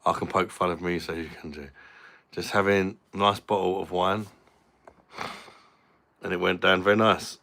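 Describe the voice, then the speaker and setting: A man's voice: low-pitched, steady tone, normal speed, creaky, pauses often, bright, forceful tone. A young Englishman hosting a casual live stream, chatting and joking with viewers as he reads their comments. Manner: chatty and jokey, swears casually.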